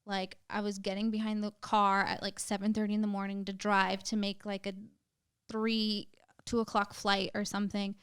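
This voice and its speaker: A woman's voice: medium pitch, completely flat delivery, moderate pace, smooth, no echo, clean studio sound. A young woman, a podcast guest, telling a painful personal story in casual chat, emotional, with lots of "like" fillers and some swearing.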